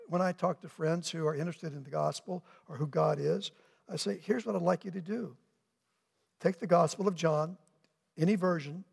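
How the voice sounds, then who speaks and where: An older man preaching a sermon as pastor, earnest, slowing down on key points and asking the congregation questions. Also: sits high, vocal fry, darkish tone. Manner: earnest, asks rhetorical questions, slows for emphasis. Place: church sanctuary with long reverb. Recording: echoey church hall.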